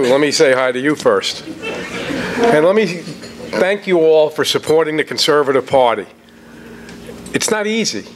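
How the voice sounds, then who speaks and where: A man who chairs a state party, thanking supporters in plain, steady remarks. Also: fairly high pitch, slight background noise.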